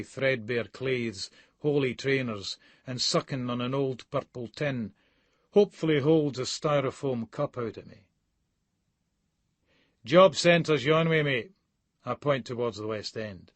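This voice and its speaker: Scottish male audiobook reader, gritty and sardonic, mid-pitched, dead-dry booth. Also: dry recording. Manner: sardonic, gritty storytelling with shouted outbursts. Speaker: audiobook narrator. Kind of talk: first-person novel narration.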